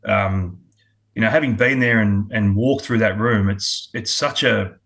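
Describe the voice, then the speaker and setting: In a casual interview, a middle-aged Australian man who once played cricket and later coached speaks as a guest at a measured pace. His voice is lowish and a bit bright, and he's blunt and candid, often restarting sentences.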